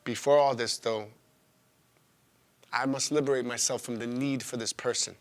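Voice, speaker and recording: A man's voice: medium pitch, fairly even intonation, normal speed. Raw young man's spoken-word monologue. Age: 20s. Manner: raw, profane, swinging from loud outbursts to hushed confession.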